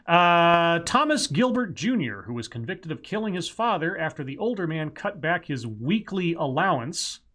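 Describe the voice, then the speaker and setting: A man's voice: a little high, very animated, normal speed, few pauses, a bit bright. A man co-hosting a casual talk show, reading news stories aloud and adding wry asides. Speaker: podcast co-host reading news.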